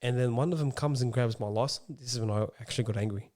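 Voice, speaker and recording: A man's voice: medium pitch, quick pace, darkish tone. A young man telling a story on a podcast, laughing and acting out the lines of the people in it. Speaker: podcast co-host. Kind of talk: casual storytelling chat.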